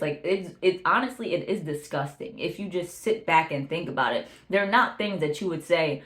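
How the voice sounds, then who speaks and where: A woman's voice: fairly low pitch, normal speed, hardly any pauses, a bit bright, roomy sound. A young woman giving earnest, emphatic self-esteem advice in a casual talk to camera, repeating phrases for stress.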